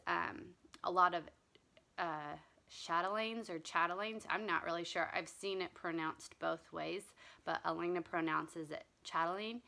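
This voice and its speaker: A woman chats casually in a slow, unhurried vlog. Her voice sits a little low but sounds bright and forward. She rambles with plenty of ums and restarts. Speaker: cross-stitch vlogger. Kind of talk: casual chat.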